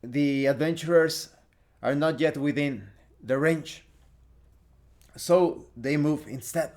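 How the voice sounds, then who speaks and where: A man narrates a solo tabletop game, walking through the rules and the battlefield step by step. His voice sits fairly high and he speaks slowly, with small restarts. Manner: steady, explanatory with small restarts. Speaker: host and solo game player.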